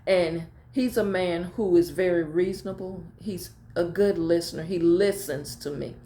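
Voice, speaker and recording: A woman's voice: on the low side, moderate pace, dark tone, echoey room, a little hiss or hum. A middle-aged woman pastor talking casually to her viewers, telling heartfelt stories in informal speech and repeating phrases for emphasis. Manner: colloquial, informal grammar. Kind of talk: casual personal talk to viewers.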